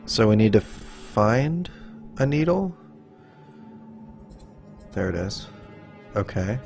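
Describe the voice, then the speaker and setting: A man with a fairly low voice plays through a story game, talking to himself in a loose, musing way. Soft game music runs faintly underneath. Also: takes it slowly, gravelly. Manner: relaxed, musing aloud with frequent okays and hms. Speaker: let's play host. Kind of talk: casual gameplay commentary.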